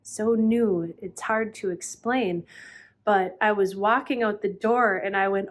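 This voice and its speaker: A middle-aged woman giving a reflective spiritual talk, earnest and unhurried, often pausing with "um". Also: mid-range voice. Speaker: spiritual teacher.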